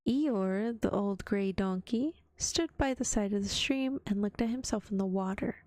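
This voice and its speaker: A woman reading a children's storybook aloud in a gentle ASMR whisper. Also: medium pitch, measured pace, no room sound. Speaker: vtuber storyteller.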